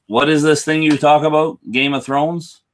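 A man appearing as a guest on a casual live whisky stream, answering in a dry, deadpan way and greeting viewers by name. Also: a little high, normal speed, slight background noise.

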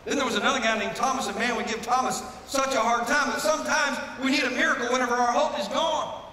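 A male pastor delivers a sermon with a bright, high-pitched voice that swells into fervent, repeated refrains. He is picked up from some distance, so his words ring through the long reverb of a church hall. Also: steady tone, fast talker. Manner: preaching with rising fervor and repeated refrains. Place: church sanctuary. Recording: echoey hall, mic from a distance.

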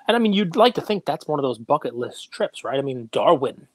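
A man's voice: a little high, sing-song, brisk, no room sound. A man hosting a casual podcast, teasing and sarcastic, telling long winding stories. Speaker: podcast host.

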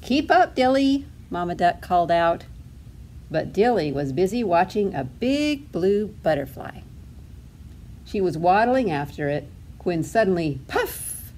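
A woman's voice: fairly low pitch, lively intonation, unhurried, mellow, a little hiss or hum. A woman librarian reading a storybook aloud to toddlers in a sing-song way, asking the children questions as she goes.

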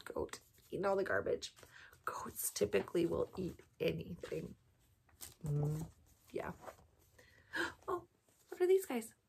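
A woman storyteller reading a picture book aloud for a bedtime program, gently asking children questions as she goes. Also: fairly low pitch, very animated, slow, gravelly, long pauses, slightly rough.

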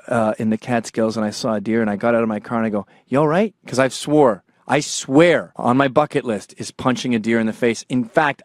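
A man in his forties hosting a show, telling profane comedic stories and jumping between low mumbling asides and sudden loud outbursts. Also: no room sound, clean studio sound. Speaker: show host.

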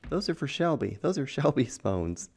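A man voicing a bossy little fish from a children's picture book, scolding in a high voice. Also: big pitch swings, normal speed, creaky, darkish tone, breathy edge, heavily acted.

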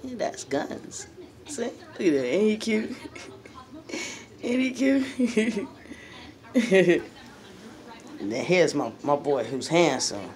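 A woman's voice: lowish voice, big pitch swings, slow pace, pauses often, a little mellow. A woman filming her dogs at play, chatting casually, laughing, and cooing at them. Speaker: dog owner filming her pets. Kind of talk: casual home video commentary.

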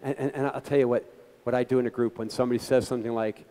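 A man's voice: mid-range voice, steady tone, rapid-fire, dark tone. Earnest man speaking in a reverberant hall. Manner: earnest, conversational, addresses the audience directly. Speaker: guest speaker. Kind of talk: talk at a community gathering.

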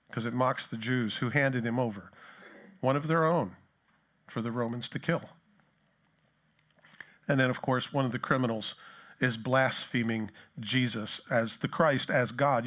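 In a conversational sermon, a male pastor with a medium-pitched, somewhat bright voice now and then acts out the taunts of a crowd in a different voice.

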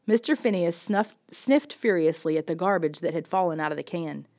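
A woman reading a children's storybook in the first person, steady and expressive. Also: lowish voice, moderate pace. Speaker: audiobook reader.

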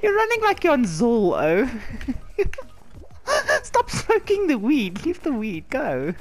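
Hoarse woman gamer, giggly, swearing, wildly swooping pitch, unhurried. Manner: giggly, excitable, swears often. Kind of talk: let's-play commentary.

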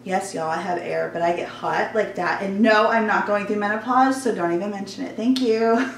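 A woman's voice: mid-range voice, normal speed, creaky. Breathless, gushing woman. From Georgia, US Southern. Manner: chatty, gushing, many "like" fillers. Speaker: fashion vlogger. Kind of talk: casual try-on haul chat. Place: warm bedroom at home. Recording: echoey room, voice a bit far off.

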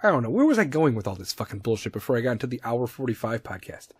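A man with a Chicago accent giving a casual, profanity-laced shout-out on his podcast, rambling loosely and laughing at himself. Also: medium pitch, very animated, very fast, husky, no room sound, studio quality. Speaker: podcast host.

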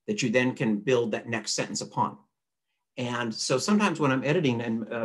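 A man, a newspaper editor, giving a relaxed, chatty writing lesson over a video call, reading example sentences aloud to show their rhythm. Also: mid-range voice. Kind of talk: conversational online writing lesson. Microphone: computer mic on a video call.

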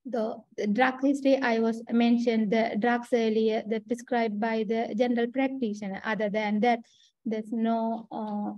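A woman's voice: on the high side, warm tone, no echo, dull audio. A woman with a Sri Lankan accent giving a clinical case presentation, hesitant with many fillers and restarts. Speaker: trainee doctor presenting a case.

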